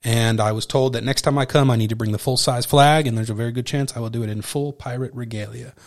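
On his podcast, a man tells a story about himself at a quick pace, sounding casual and energetic. His pitch is medium, and he throws in occasional swear words and acted-out exchanges.

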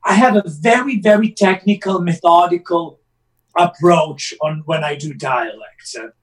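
Guy, high voice, earnest and methodical, sounds kinda far from the mic. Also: measured pace. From Italy. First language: Italian. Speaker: actor guest. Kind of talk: casual interview chat.

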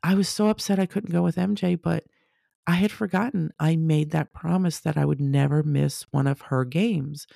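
A woman telling a personal story casually, animated, acting out the people she quotes. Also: low-pitched, normal speed, gravelly, no echo, studio quality. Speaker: storyteller sharing a personal testimony.

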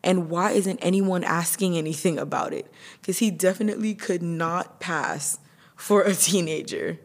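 A young woman hosting a podcast, telling a painful personal story candidly and emotionally, with nervous laughs. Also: low voice. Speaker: podcast host.

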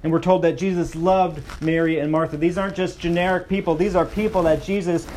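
A man preaching with a slightly higher-pitched voice. He shifts his pace freely, sometimes rushing ahead and sometimes slowing to a hush to stress a point. His delivery is earnest and expressive. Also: slight background noise. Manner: expressive preaching, slows and softens for emphasis. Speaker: pastor. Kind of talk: sermon.

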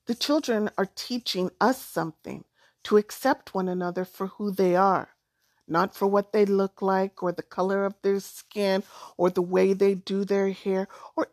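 A woman storyteller narrating a folk tale and sharing a personal reflection afterward, in a gentle, deliberate manner. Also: medium pitch, no room sound, clean studio sound.

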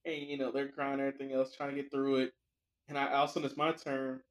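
A man's voice: mid-range voice, completely flat delivery, fast talker, low-quality recording. A young man co-hosting a podcast, telling a rambling story in casual chat with lots of filler words. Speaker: podcast co-host.

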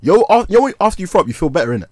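A young man, co-hosting a comedy podcast and telling a story in animated slang, laughing as he goes. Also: sits high, racing, dry recording, clean studio sound. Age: young adult. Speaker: podcast co-host.

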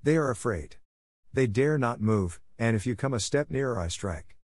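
A man voicing a vengeful female cobra who hisses slow, taunting threats in a storybook reading. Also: medium pitch, lively intonation, darkish tone, no room sound, studio quality, lightly acted. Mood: menacing. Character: vengeful female cobra queen, cold and menacing.

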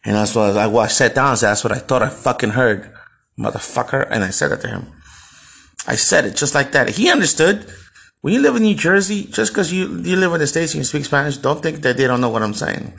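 A man's voice: fairly high pitch, big pitch swings, fairly quick, gravelly, a bit bright. A man from El Salvador hosting a podcast, telling a personal story bluntly and with profanity, often restarting his sentences. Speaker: podcast host.

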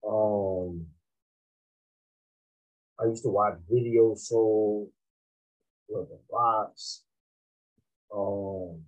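A man's voice: on the low side, steady tone, extremely slow, pauses often, dull audio. A man from Massachusetts, a rapper guest, telling laid-back, slangy stories in a casual interview and laughing often.

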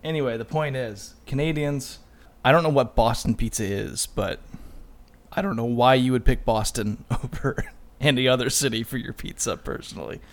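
A man's voice: medium pitch, moderate pace. Laid-back teasing male podcast host. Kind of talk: casual podcast banter.

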